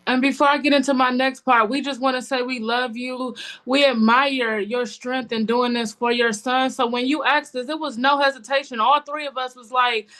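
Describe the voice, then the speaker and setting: A woman's voice: high-pitched, fairly even intonation, normal speed, few pauses, fairly bright tone. A woman co-hosting an online event, speaking affectionately and directly over a video call. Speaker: co-host from a support group. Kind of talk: casual supportive talk on a livestream.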